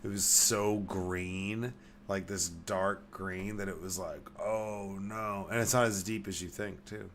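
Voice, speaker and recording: A man's voice: low voice, steady tone, measured pace, fairly bright tone, slight background noise. A man from Texas hosting a podcast, ranting in casual, profane chat and mocking people in put-on voices. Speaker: podcast host.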